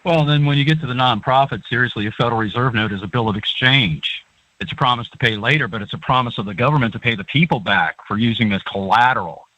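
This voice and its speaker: A male guest with a bright, clear tone who speaks earnestly and rambles. His voice comes through a dry, dull, lo-fi line. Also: mid-range voice, fast talker, no room sound. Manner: earnest, rambling, many fillers. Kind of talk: call-in talk show chat.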